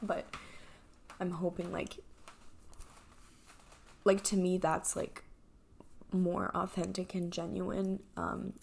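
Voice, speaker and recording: Slow, soft-spoken woman in her twenties. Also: on the low side, flat delivery, vocal fry, a little hiss or hum. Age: 20s. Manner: soft-spoken, halting, many fillers. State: emotional, near tears. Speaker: vlogger. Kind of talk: reflective personal vlog.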